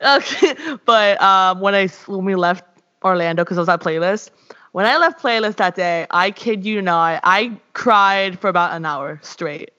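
Young woman podcast co-host, rambly and giggly, average pitch, muffled low-fi sound. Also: normal speed, sharp tone. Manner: giggly, rambling, self-interrupting. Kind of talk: casual chat. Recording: dull lo-fi audio.

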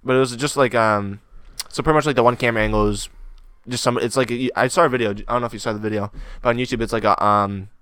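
A man's voice: mid-range voice, fairly even intonation, fast, fairly bright tone, smooth, no room sound. A young man co-hosting a podcast in casual chat, teasing and laughing often. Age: young adult. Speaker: podcast co-host.

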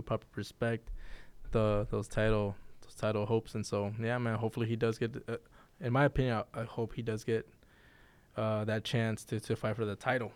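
A man's voice: on the low side, clear, resonant tone, no room sound. Laid-back man, dry close mic. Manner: laid-back, trails off, swears casually. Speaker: podcast co-host. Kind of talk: casual chat.

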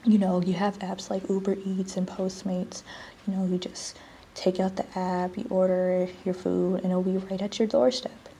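A woman's voice: mid-range voice, level tone, moderate pace, dark tone, a little hiss or hum, low-quality recording. A young woman hosting a casual solo podcast, chatty, with frequent restarts and the odd drop to a whisper. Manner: chatty, restarts often, drops to a whisper at times. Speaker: podcast host.

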